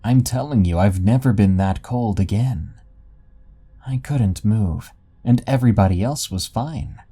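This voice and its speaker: A man narrating scary stories in a measured, dramatic storytelling way. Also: lowish voice, mellow, breathy edge. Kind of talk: scripted horror story narration.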